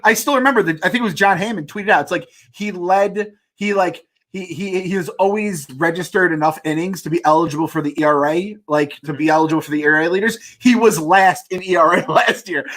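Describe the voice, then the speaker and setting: A man hosting a casual sports podcast, his voice pitched a little high. He rants heatedly, swearing as he vents frustration about his team. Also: a bit bright. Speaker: podcast host.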